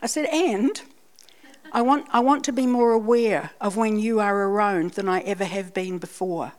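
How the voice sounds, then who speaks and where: A woman's voice: mid-range voice, fairly even intonation, normal speed. A Scottish woman giving a sermon, telling a personal testimony in a chatty, self-deprecating way. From Scotland. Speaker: church speaker.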